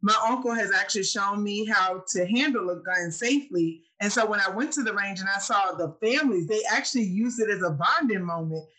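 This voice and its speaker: A woman's voice: medium pitch, a little fast, hardly any pauses, bright, forceful tone, rough recording. A woman co-hosting a casual chat, telling stories in an earnest, emotional way. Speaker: co-host.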